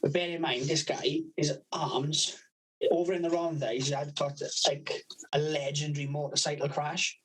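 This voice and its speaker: Sweary storytelling man, fairly high voice. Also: flat delivery, normal speed, fairly bright tone, husky, poor audio. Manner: swears constantly, laughs at his own stories. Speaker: podcast co-host. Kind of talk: casual storytelling.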